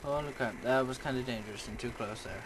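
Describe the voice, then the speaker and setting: A young gamer talks fast at a medium pitch over background noise while playing a shooter. His let's play commentary is excitable, shifting between frustrated muttering and sudden outbursts.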